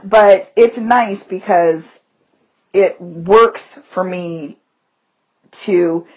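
Her voice fairly low and breathy-edged, a woman teacher speaks very slowly while co-hosting a podcast. She chats casually and animatedly about her classroom, telling stories and breaking into voices.

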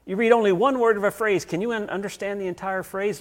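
A man preaching a sermon as pastor. He tells stories, swinging between loud passages and hushed ones. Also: high voice, steady tone, quick pace, hardly any pauses.

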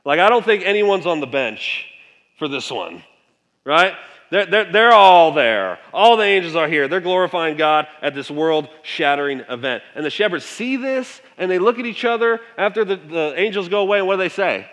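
High-voiced preacher in a reverberant hall. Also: male voice, big pitch swings, normal speed, a bit bright. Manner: conversational, asks the congregation frequent questions. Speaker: pastor. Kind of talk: sermon.

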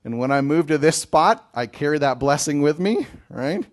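A man giving a gentle, emotional pastoral talk on blessing, speaking to listeners as a chaplain. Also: fairly high pitch, expressive, moderate pace. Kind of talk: reflective spiritual talk.

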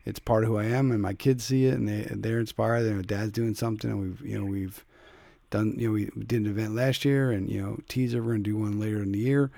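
A male podcast host chatting casually, quick and enthusiastic, with stumbling restarts. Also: fairly low pitch, steady tone, gravelly, warm tone, no echo, clean studio sound. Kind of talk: casual interview chat.

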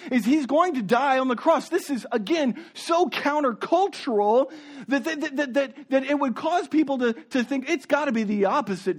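Preaching with sincerity, the pastor goes quiet and low when he wants emphasis, and he circles back over words again and again while finding his phrasing.

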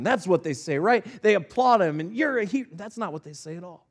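High-voiced man preaching a sermon. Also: sing-song, fairly quick, hardly any pauses. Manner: earnest preaching, reads scripture aloud then retells it conversationally. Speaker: pastor.

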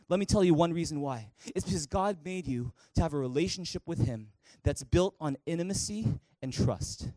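A man's voice: high voice, darkish tone, dry recording. A man preaching a sermon as pastor, calling the congregation to read aloud and respond. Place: church in Canada.

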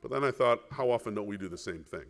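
Speaking fast in a voice on the low side, a male pastor gives an animated sermon. Along the way he asks the congregation rhetorical questions and voices the biblical characters in the story.

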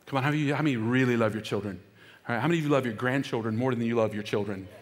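In a church sanctuary with long hall reverb, a middle-aged male pastor preaches a sermon, stressing key phrases and having the congregation repeat lines after him. He speaks very fast in a mid-range voice, with slight background noise.

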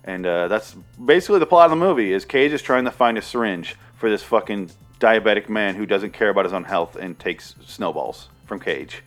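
A man's voice: lowish voice, animated, brisk, hardly any pauses, faint music behind. A man casually reviewing a movie, rambling and sarcastic, with a lot of swearing.

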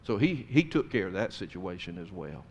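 A man preaching a sermon, swinging between loud emphasis and hushed tones. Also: deep voice, big pitch swings, moderate pace, gravelly.

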